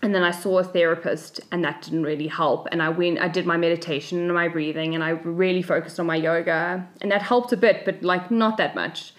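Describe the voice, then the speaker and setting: A South African woman in her thirties with a slightly low voice. She co-hosts a casual podcast and tells personal stories with lively animation, briefly taking on the voices of the people in them. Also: a little fast, hardly any pauses. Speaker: podcast co-host. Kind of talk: casual storytelling chat.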